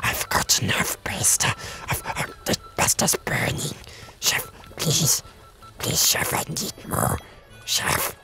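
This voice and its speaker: A man in a whispered role-play as a kitchen helper, hushed and pleading, repeating short calls. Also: high voice, wildly swooping pitch, takes it slowly, vocal fry. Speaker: co-host playing a kitchen game. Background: game music.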